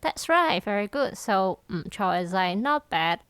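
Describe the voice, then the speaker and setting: A woman co-hosting a casual language lesson, explaining slowly with lots of fillers. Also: medium pitch, expressive, fairly bright tone, clear, resonant tone, dry recording, clean studio sound. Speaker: podcast co-host teaching Cantonese.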